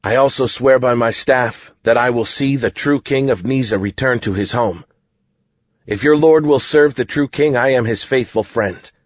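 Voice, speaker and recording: A bold young wizard speaks firmly and with assurance, as a male narrator puts him on. The voice is husky and dry, on a dull, lo-fi recording. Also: medium pitch, moderate pace, dry recording, close to an everyday voice.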